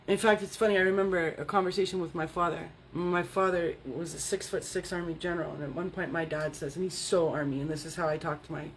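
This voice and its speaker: A woman's voice: fairly low pitch, fairly even intonation, fast, hardly any pauses, a little hiss or hum. Blunt, swearing middle-aged woman coach. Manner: blunt and profane, keeps checking in with "right?" and "okay?". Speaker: energy healing and fitness coach. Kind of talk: candid casual monologue.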